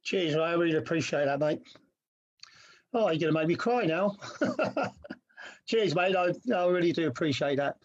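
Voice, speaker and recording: A man's voice: a little high, animated, normal speed, long pauses. A man from England hosting, thanking a guest modestly and signing off in casual chat. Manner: modest, laughing, says cheers mate. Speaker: host. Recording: slightly dull lo-fi sound.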